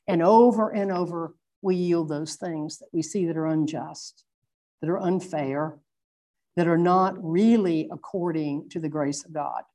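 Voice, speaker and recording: Earnest woman teaching scripture, mellow voice. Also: sits low. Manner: earnest, reflective, slows to stress points. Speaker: Bible teacher. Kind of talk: sermon.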